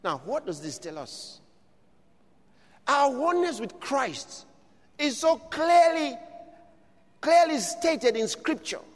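A man preaching a sermon, building from steady teaching to shouted declarations. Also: extremely high pitch, slow, pauses often, in a large hall.

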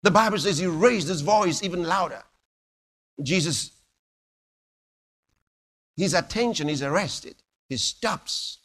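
A man preaching a sermon, telling stories dramatically with sudden loud bursts and hushed drops. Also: high voice, slow, pauses often.

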